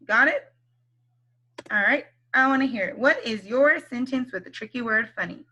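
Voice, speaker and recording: A woman teaching a kindergarten phonics lesson, speaking slowly and clearly, encouraging the children and stretching out letter sounds. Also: fairly high pitch, sharp tone.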